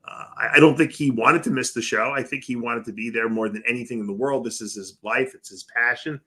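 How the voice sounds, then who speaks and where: A male co-host in casual discussion, with a bright and forceful tone at an ordinary pitch. He argues his point emphatically and often doubles words as he gets going. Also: fairly quick. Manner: emphatic, repeats words when starting a point. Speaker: co-host of a bodybuilding radio show.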